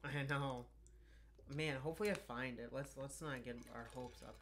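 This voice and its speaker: A man's voice: medium pitch, steady tone, normal speed, fairly bright tone, slight background noise. Laid-back man telling stories, many fillers. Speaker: podcast co-host. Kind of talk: casual chat.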